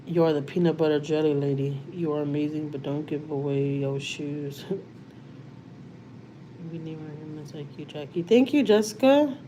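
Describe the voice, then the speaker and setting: A chatty woman with a Texan accent talks to her viewers on a home livestream and answers their comments. Her voice sits a little low for a woman. A faint hiss runs under the recording. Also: moderate pace, mellow. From Houston, Texas. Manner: chatty, reads out viewer comments, says y'all often. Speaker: livestream host. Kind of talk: casual live-stream chat.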